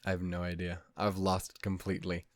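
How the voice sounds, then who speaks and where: A man's voice: low voice, completely flat delivery, brisk, no room sound, studio quality. A man hosting an anime reaction channel, chatting casually to viewers in a rambling, self-deprecating way. He swears a lot and keeps getting sidetracked. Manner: easily sidetracked, loses his train of thought. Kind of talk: casual wrap-up chat to viewers.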